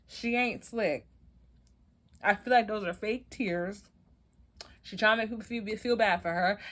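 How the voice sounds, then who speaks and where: A woman giving a sassy, animated recap of a reality TV episode and acting out quotes from the cast. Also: medium pitch. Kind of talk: casual recap commentary.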